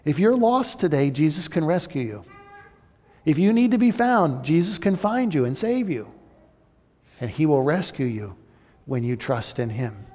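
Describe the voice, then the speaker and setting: A man preaching a sermon as pastor, moving between impassioned emphasis and hushed, near-whispered appeals. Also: fairly high pitch. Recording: long hall reverb.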